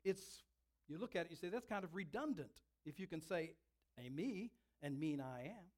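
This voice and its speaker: A man with a high voice delivers a sermon with dramatic emphasis, slowing down to lean on key words. He preaches in a storytelling way to a congregation. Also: lively intonation, darkish tone.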